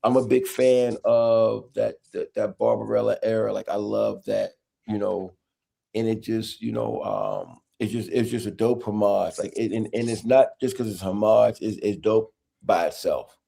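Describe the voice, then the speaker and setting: A man's voice: on the low side, normal speed, gravelly, warm tone. A man co-hosting a casual group chat, teasing and pleading in playful banter. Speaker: podcast co-host.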